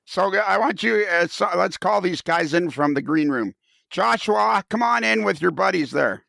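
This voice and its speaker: A man's voice: high voice, expressive, moderate pace, creaky, bright, forceful tone, no echo. A man hosting a podcast, joking and rambling with many restarts and fillers. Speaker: podcast host. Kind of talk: comedic casual podcast banter.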